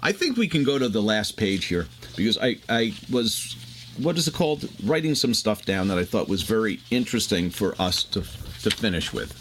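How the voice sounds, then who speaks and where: A man's voice: on the low side, big pitch swings, fairly bright tone, slight background noise. A man hosting a casual conversation, explaining ideas at length. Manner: expansive, explanatory, fast bursts.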